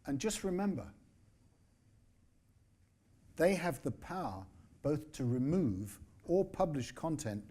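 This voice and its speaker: A man in his sixties giving a conference keynote as a newspaper editor. His delivery is measured and emphatic, with dry asides. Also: on the high side, big pitch swings, dark tone, husky.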